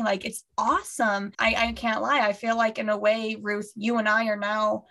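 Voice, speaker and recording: A woman's voice: fairly high pitch, fairly even intonation, fairly quick, hardly any pauses, pushed and bright. A woman co-hosting a fan podcast in casual chat, gushing and rambling with many restarts over a remote call. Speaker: podcast co-host.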